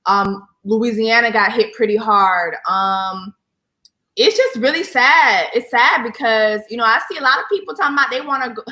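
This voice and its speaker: A woman's voice: a little high, normal speed, sharp tone. Playful woman on a roomy video call. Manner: playful, sings snippets, slangy. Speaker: guest judge. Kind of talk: casual chat. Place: home in New Jersey. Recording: roomy home echo.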